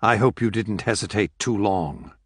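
A man narrating an audiobook voices a ruthless male captor, giving loud, clipped commands across a boat deck. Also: lowish voice, expressive, normal speed, breathy edge, no echo, studio quality. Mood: curt.

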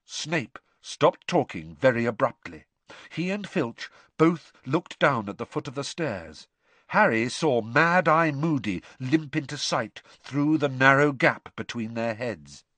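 A man narrating a novel as an audiobook, in an expressive, dramatic storytelling way, recorded in a studio. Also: medium pitch, a little slow, no echo.

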